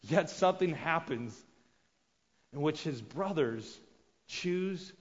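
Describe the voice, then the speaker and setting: Male preacher, fairly high voice, dramatic swings from loud to hushed, muffled recording in a reverberant hall. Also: moderate pace. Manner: acts out quoted characters with sudden loud and hushed voices. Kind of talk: sermon. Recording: dull sound with long reverb of a large hall.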